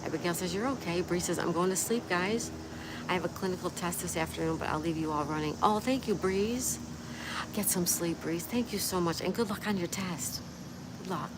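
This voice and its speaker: Here a livestream host with a lowish voice talks briskly, voicing viewers' comments and chatting in reply. Behind her there's continuous background noise plus the sound of traffic going by.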